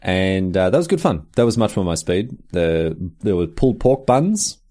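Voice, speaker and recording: This low-pitched podcast co-host talks at a normal pace in casual chat. He's a spirited storyteller, often breaking into laughter and acting out what people said.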